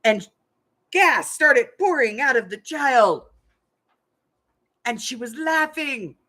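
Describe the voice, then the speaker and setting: Bright-voiced older woman telling stories. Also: high voice, expressive, slow pace. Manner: chatty, frank, laughs while telling stories. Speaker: craft channel host. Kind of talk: casual storytelling chat.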